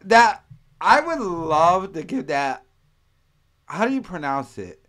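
A man's voice: high-pitched, very animated, slow pace, fairly bright tone. A man hosting a casual commentary show, rambling and profane, laughing as he talks. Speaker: host.

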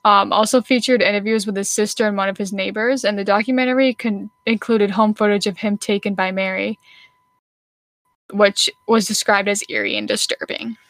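A woman's voice: mid-range voice, steady tone, moderate pace, a bit bright, dry recording. A young woman reading out a true crime case in a casual chat with a few fillers.

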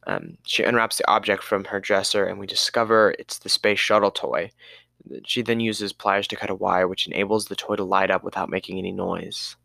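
A man's voice: sits low, moderate pace, gravelly, sharp tone, no echo, studio quality. A man co-hosting a podcast, casually recapping a movie in a rambling way and sometimes losing his place. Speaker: podcast co-host.

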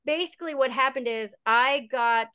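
A woman's voice: sits high, normal speed, sharp tone, clear, resonant tone. A woman chatting as a podcast guest, telling long stories in a chatty way. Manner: chatty storyteller. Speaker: podcast guest, bird owner. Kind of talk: casual podcast chat.

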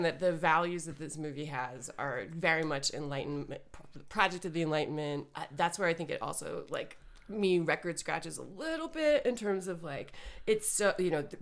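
Analytical woman on a podcast, lower voice. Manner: analytical, frequent "right?" tags. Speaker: podcast co-host. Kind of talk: casual podcast discussion.

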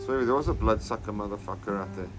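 A man's voice: lowish voice, fast talker. Joking South African man, music behind. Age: adult, married. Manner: joking, laughing, slangy, swears often. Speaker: podcast host. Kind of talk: casual banter.

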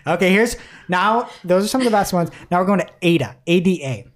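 A woman's voice: on the low side, expressive, fairly quick. A woman host in casual chat, reading articles aloud with a wry, giggly manner. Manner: giggly, wry, laughs mid-sentence. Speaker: podcast host.

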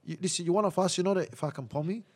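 A man hosting a podcast in rowdy, casual banter, swearing a lot, stammering, repeating "listen" and laughing loudly. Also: high-pitched, very fast, husky. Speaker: podcast host.

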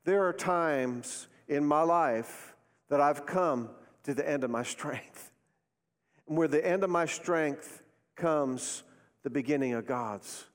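High-voiced man preaching in a reverberant hall. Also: slow pace. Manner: call-and-response preaching, rising emphatic phrases. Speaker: pastor. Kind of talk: sermon. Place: church sanctuary.

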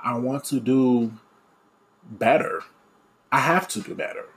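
Young man, personal reflective monologue, candid, rambling, fillers and restarts, mid-range pitch. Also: steady tone, measured pace, a bit bright. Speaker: aspiring radio DJ and podcaster.

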